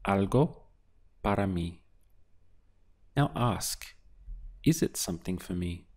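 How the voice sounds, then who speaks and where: A man teaching a beginner language lesson, asking patient prompts and then giving clear model answers. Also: low voice, lively intonation, slow pace, darkish tone. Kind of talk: slow, deliberate language lesson with pauses.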